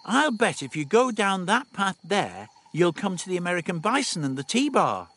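A man's voice: high-pitched, very animated, normal speed, fairly bright tone, pitched above the performer's own voice, exaggerated voice. A man voicing a defiant, know-it-all teenage girl in an audiobook. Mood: scornful. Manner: cocky, scornful, know-it-all. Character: defiant cheeky teenage girl time traveller. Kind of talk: audiobook dialogue.

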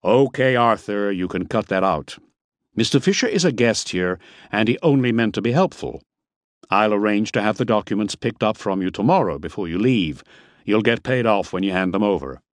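A man playing a commanding employer who speaks briskly, with authority and suspicion. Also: lowish voice, animated, no echo, studio quality, natural voice. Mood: authoritative.

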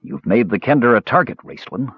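A man voicing a big, blunt male warrior who talks gruffly, heavily and tersely. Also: medium pitch, animated, a little fast, no echo, lo-fi sound. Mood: uneasy. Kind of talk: audiobook character voice.

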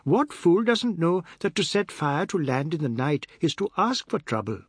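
A man reading an audiobook and voicing a sharp-tongued woman who lectures scornfully. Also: fairly high pitch, big pitch swings, normal speed, husky, dry recording, clean studio sound, pitched above the performer's own voice.

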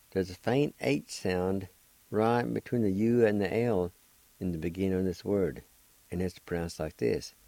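Slow, patient man teaching pronunciation. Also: fairly low pitch, creaky, warm tone, no echo, poor audio. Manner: patient, deliberate, repeats each syllable. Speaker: language teacher and radio host. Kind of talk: slow spelled-out language lesson.

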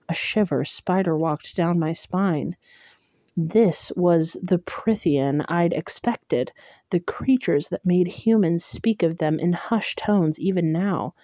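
A woman reading a fantasy novel aloud in a measured audiobook narration. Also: lowish voice, no room sound, studio quality. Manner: slow, measured, hushed at tense moments.

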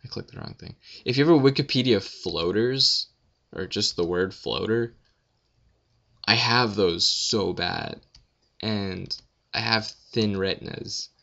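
A man's voice: sits low, fairly even intonation, slow pace, vocal fry, bright, forceful tone, muffled recording. A young man casually answering viewer questions in a rambling, offhand, sleepy way. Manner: rambling, offhand, swears and yawns, tired. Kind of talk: casual Q&A vlog.

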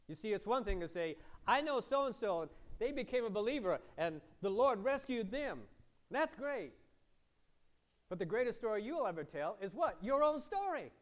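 Very animated and speaking at a normal speed, a man serving as pastor preaches and quizzes his congregation, shifting from loud emphasis into quiet, low remarks.

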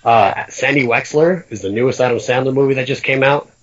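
A man talking warmly as a podcast guest, pausing often with "um" and "uh". His voice comes through a muffled, lo-fi connection. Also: medium pitch. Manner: friendly, hesitant fillers, promotional. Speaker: guest wrestler. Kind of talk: casual interview. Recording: dull lo-fi line.

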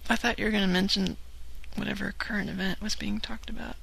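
A woman's voice: medium pitch, steady tone, fast, vocal fry, a bit bright, a little hiss or hum, poor audio. A woman co-hosting a prank call podcast who runs the show in easygoing, casual banter.

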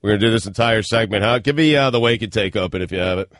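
A man's voice: lowish voice, rapid-fire, fairly bright tone, no room sound. A man co-hosting a sports radio show in a studio, throwing sarcastic jabs while fighting a chest cold. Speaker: co-host.

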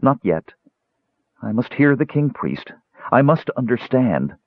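A man's voice: medium pitch, sing-song, unhurried, dry recording, voice pushed up. A man voicing an anguished young woman cleric who is doubting her faith, speaking in a trembling, pleading way. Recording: tinny phone-like dry sound.

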